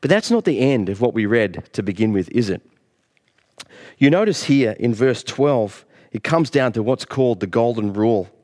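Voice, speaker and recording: A man's voice: medium pitch, animated, moderate pace, darkish tone. Middle-aged man, pastor, preaching with earnest, rising emphasis. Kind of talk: sermon.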